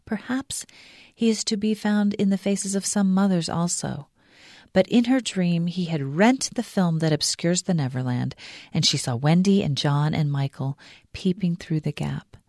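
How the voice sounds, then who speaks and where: Woman, storybook reading, low-pitched, dry close sound. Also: normal speed, a little mellow, no room sound. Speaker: radio producer.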